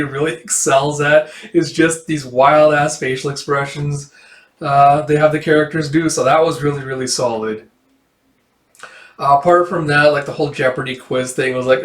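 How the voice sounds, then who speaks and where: A man casually reviewing a manga chapter, rambling with lots of fillers and quick laughs. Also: fairly high pitch, roomy sound. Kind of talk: casual commentary.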